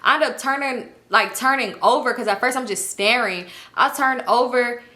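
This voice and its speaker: A young woman telling a casual storytime vlog story, animated and profane, acting out other people's lines and dropping to near-whispers for her own thoughts. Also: on the high side, moderate pace. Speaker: storytime vlogger.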